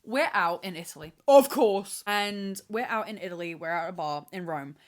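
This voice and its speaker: A woman's voice: lowish voice, moderate pace. A young woman hosting a podcast, telling stories in a rambling, dramatic, profane monologue to the camera. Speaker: podcast host. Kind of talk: casual storytelling monologue. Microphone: camera with mic, talking to camera.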